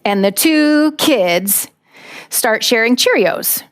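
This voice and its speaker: A woman, around her forties, from the United States, telling a personal story in a talk with lively acted-out moments. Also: a little high, slow pace. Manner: lively storyteller, acts out voices. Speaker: speaker.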